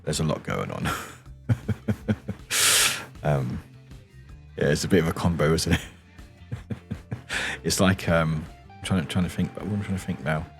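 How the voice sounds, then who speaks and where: British streamer, man, very low deep voice, hushed and rambling, giggles a lot, faint music behind. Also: unhurried, creaky, long pauses. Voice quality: deep, quiet morning voice. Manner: rambling and giggly, reads and answers chat. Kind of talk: soft late-night stream chat.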